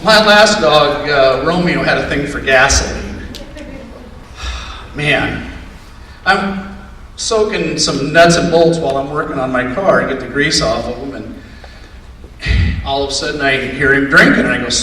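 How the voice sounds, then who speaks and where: A man's voice: mid-range voice, normal speed, pauses often, bright, forceful tone, slight background noise. An older man doing stand-up comedy with wry storytelling and punchlines. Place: live comedy venue. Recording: echoey room, distant mic, faint ambience.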